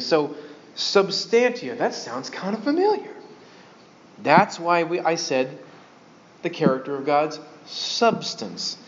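A man teaching a sermon to a congregation, folksy and animated, with joking asides. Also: fairly high pitch. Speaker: pastor. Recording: dull lo-fi sound.

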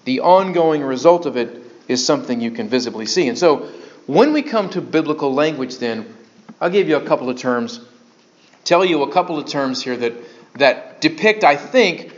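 Animated man preaching a sermon. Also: medium pitch. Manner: animated, conversational preaching with sudden emphatic bursts. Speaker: pastor. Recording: dull lo-fi sound.

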